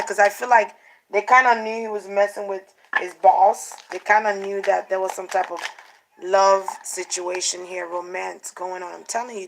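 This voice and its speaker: A woman doing a casual spiritual card reading for her channel, talking in an animated way, repeating phrases and acting out what others might say. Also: mid-range voice, a little hiss or hum, rough recording. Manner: animated, repeats herself, acts out quotes. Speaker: tarot card reader.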